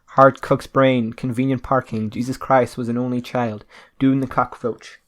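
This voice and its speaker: A man co-hosts a casual podcast, speaking in a flat monotone with little rise and fall. His tone stays level as he talks through his opinions. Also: mid-range voice, moderate pace. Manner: monotone delivery. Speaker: podcast co-host.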